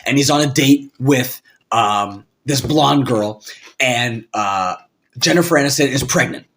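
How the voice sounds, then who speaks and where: A man co-hosting a podcast, arguing his case in a casual debate, animated and rambling, with lots of "like" fillers. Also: mid-range voice, unhurried, slight background noise. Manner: animated, rambling, heavy use of "like". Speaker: podcast co-host.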